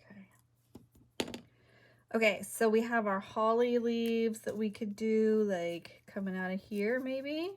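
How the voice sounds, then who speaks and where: A woman's voice: a little high, takes it slowly. A woman hosting a crafting video, chatting casually and half-muttering to herself as she works at home.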